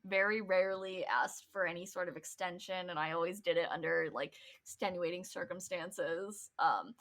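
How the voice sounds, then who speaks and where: A woman's voice: lowish voice, steady tone, normal speed, a bit bright. A young woman co-hosting a podcast, telling a school story in casual chat, laughing often and acting out what people said. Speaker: podcast co-host.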